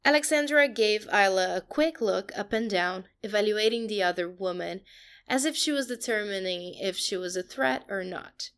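A woman, reading a fanfiction story aloud in a steady, even way. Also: medium pitch, moderate pace. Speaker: podcast host and reader.

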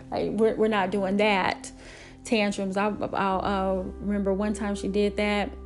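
A woman's voice: mid-range voice, little pitch movement, measured pace. Candid woman talking parenting, faint music. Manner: candid, emphatic, acts out quotes in a raised voice. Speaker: single mother sharing parenting advice. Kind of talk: casual talk to camera.

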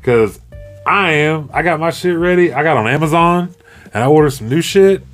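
A man's voice: a little high, expressive, moderate pace, a bit bright, soft background music. A man co-hosting a podcast, chatting casually and joking, sometimes slipping into a whiny mocking voice. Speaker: podcast co-host. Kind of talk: casual comedic chat.

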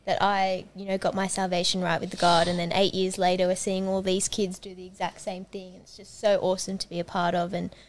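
A woman's voice: lowish voice, level tone, fairly quick, hardly any pauses, a little hiss or hum. A woman, a youth leader, chatting casually and earnestly in a podcast conversation. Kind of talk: casual chat.

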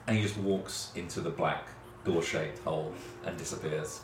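A man narrating a tabletop horror game as game master, relaxed and descriptive, with frequent fillers. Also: a bass voice, normal speed. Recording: roomy sound, distant mic, faint hiss.

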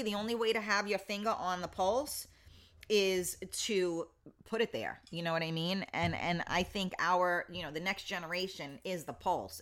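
Reading viewer comments out loud on her casual live stream, a woman around fifty chats with plenty of fillers and seems slightly foggy and in pain. Her voice is fairly low in pitch with a fairly bright tone.

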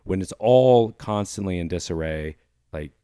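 A man co-hosts a podcast in easy conversation, often agreeing and then building on the point in a thoughtful way. His voice is very deep. The recording is dry and close-miked. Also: animated, a little slow, warm tone, clean tone, dry recording. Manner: agreeable, thoughtful, frequent affirmations. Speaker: podcast co-host. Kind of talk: casual podcast chat.

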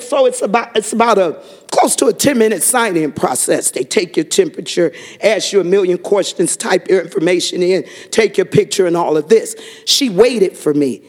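A high-sitting, expressive male voice at normal speed delivers an impassioned testimony to a church gathering. He narrates a story and bursts into shouted praise along the way.

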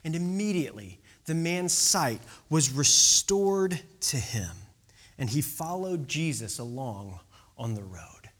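Chatty, lively preacher. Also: mid-range voice, slow pace. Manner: chatty, rambling, with many restarts and asides. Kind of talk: casual sermon.

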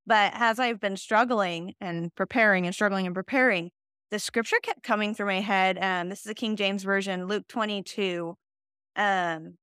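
A woman and mother co-hosting a faith podcast, talking in an earnest and animated way. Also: mid-range voice, moderate pace, clear, resonant tone, dry recording, clean studio sound. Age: adult with children. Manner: earnest, animated, laughs while telling stories. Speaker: podcast co-host.

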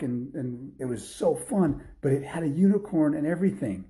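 A man's voice: mid-range voice, brisk, few pauses, mellow. A man telling an improvised children's story in a rambling way, with restarts and sound effects.

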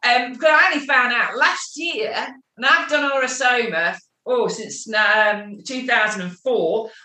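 A woman who works as a spiritual healer, chatting casually and telling a story in an animated way. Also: on the high side, unhurried, roomy sound.

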